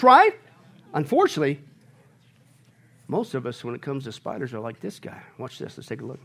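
A high-voiced man preaches to his congregation with a very lively, swooping delivery. He jokes with the room and bursts out loudly now and then. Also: brisk, pauses often. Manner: animated, joking preacher with sudden loud bursts. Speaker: pastor. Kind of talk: sermon.

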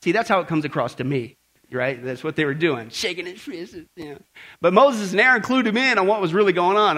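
A man's voice: high-pitched, lively intonation, a little fast, fairly bright tone. A man preaching a conversational sermon to a congregation, full of rhetorical questions. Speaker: pastor. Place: church service before a congregation.

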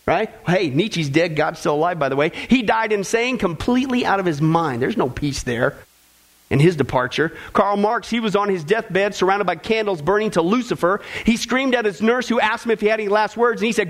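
A man's voice: sits high, fairly quick, rough recording. A man preaching a sermon with emphatic, repeated phrases, speaking directly to the congregation.

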